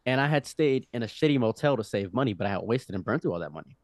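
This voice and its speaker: A man's voice: mid-range voice, fast talker, no echo, studio quality. A man in his twenties, a podcast guest, telling a rambling story with lots of restarts. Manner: animated, rambling, frequent restarts. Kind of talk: casual storytelling.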